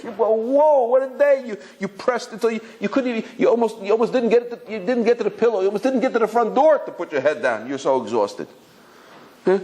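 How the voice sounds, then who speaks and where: Man, rabbi, 50s, storytelling lecture, lively pitch, acts out voices, stumbles and restarts. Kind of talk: storytelling Torah talk.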